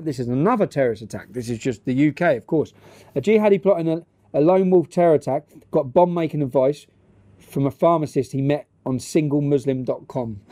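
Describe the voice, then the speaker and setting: A man's voice: on the high side, warm tone. A middle-aged man telling a story and reading news aloud bluntly, with frequent laughter and swearing.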